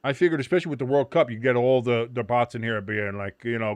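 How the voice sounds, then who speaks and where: A man's voice: mid-range voice, fast talker, few pauses, smooth, no echo, studio quality. A man from the United States hosting a casual watch-along stream, explaining the game and cracking profane jokes. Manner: profane, joking, animated. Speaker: host.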